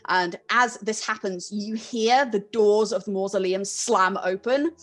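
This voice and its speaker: A woman's voice: mid-range voice, a little slow, a bit bright. A young adult woman narrating a tabletop horror game as game master, vivid and descriptive, with frequent ums.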